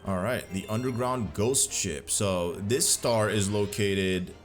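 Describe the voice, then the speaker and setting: A man's voice: on the low side, slow. Playful trash-talking man over game music. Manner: playful slangy trash talk, jokey asides. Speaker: gaming commentator. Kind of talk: casual gameplay commentary.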